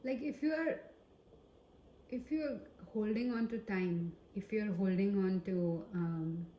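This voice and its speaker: Indian-accented woman tarot reader, slow and hesitant, mellow tone, roomy recording. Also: medium pitch, dull audio, a little hiss or hum. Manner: hesitant, searching for words with many fillers. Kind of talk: casual tarot reading to camera. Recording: roomy echo.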